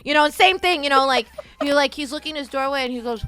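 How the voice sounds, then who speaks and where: Woman, casual streamer, bright tone, swears freely, animated storyteller, faint music behind. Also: high-pitched, fast talker. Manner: animated storytelling, acts out both sides of a conversation. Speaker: charity stream guest. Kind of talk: casual chat.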